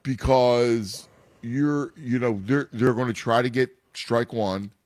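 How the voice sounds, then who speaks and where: A man's voice: mid-range voice, fairly even intonation, slow, a little mellow, dry recording. A man in a casual chat about his son's baseball, rambling with many restarts. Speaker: youth baseball father and coach.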